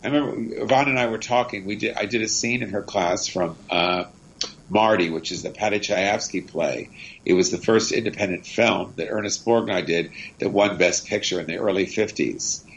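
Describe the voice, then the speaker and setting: A man's voice: fairly low pitch, moderate pace, low-quality recording. A middle-aged man, a comedian and actor, telling chatty, rambling anecdotes in an interview. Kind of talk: casual interview storytelling.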